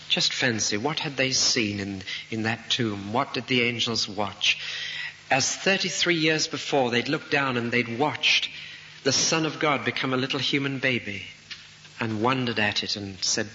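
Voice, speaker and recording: A man's voice: medium pitch, a little slow, bright, forceful tone. A male preacher giving a sermon, retelling a story vividly and asking rhetorical questions. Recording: dull recording in a reverberant hall, faint noise.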